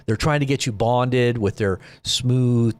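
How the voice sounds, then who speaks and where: A man's voice: mid-range voice, slow, no echo. Preachy man warning listeners, dry close sound. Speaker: commentary host. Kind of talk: live political commentary.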